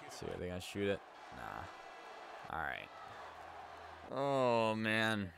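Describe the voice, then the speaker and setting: A man's voice: on the low side, wildly swooping pitch, slow pace, vocal fry, a loud crowd, very noisy. A young man hosting a gaming channel, chatting casually and reacting aloud to the game he plays, a bit drowsy from just waking up. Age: young adult. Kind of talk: casual gameplay commentary.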